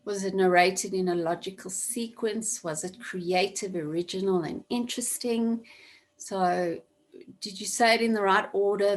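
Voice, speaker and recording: With a steady tone and moderate pace, a woman with a mid-range voice guides her online class through a task in clear steps. She repeats key points for emphasis, and the audio comes from a computer mic on a video call.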